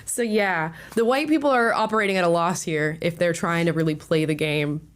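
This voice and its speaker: A woman's voice: lowish voice, fairly quick, clean tone. A young woman hosting a reaction video in casual, opinionated commentary, often laughing.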